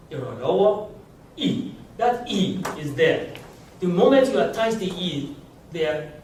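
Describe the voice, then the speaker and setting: Slow-talking man teaching in an echoey room. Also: fairly high pitch, darkish tone, a little hiss or hum. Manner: slow, patient explanations with frequent chuckles. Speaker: language teacher. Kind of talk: teaching a class. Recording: very echoey room, mic far off.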